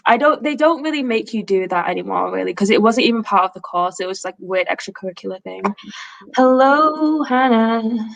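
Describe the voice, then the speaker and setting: A woman's voice: fairly high pitch, animated, brisk, creaky, no room sound, low-quality recording. A woman in her twenties hosting a casual livestream, chatting and reading out comments from the chat. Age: 20s. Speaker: host.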